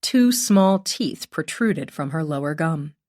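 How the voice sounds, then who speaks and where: A female audiobook narrator reading a mystery novel. Her voice is low and steady, and she tells the story in a measured, even way. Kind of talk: scripted narration.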